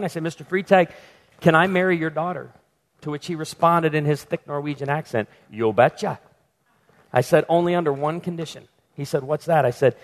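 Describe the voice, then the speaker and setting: Male pastor giving a conference talk, emphatic and repetitive, slightly high voice, echoing meeting room. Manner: emphatic, repeats words for stress.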